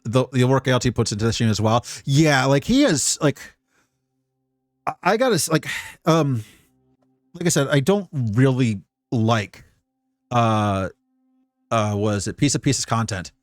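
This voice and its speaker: A man's voice: medium pitch, unhurried, pauses often, no echo, studio quality. A Scottish man giving casual live-stream commentary, rambling and profane, with many restarts.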